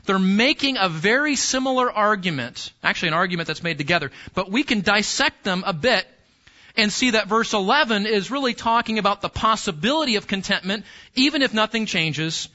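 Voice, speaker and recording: A man's voice: high voice, sharp tone, muffled recording. A man preaching a sermon in a church, speaking conversationally, repeating key phrases and putting questions to the congregation. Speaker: pastor.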